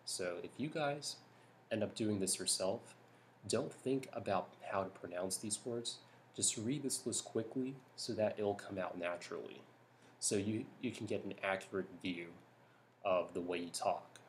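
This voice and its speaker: A young man from California talking softly in a hushed voice at home at night for a vlog, rambling with lots of ums and restarts. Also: lowish voice, unhurried, a little hiss or hum. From California, United States. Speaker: YouTuber. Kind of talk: soft-spoken vlog talk.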